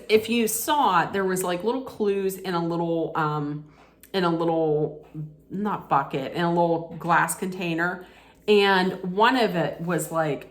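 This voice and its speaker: A woman vlogger recapping a reality TV episode in a casual, chatty way, retelling scenes and quoting lines with frequent restarts. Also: fairly low pitch.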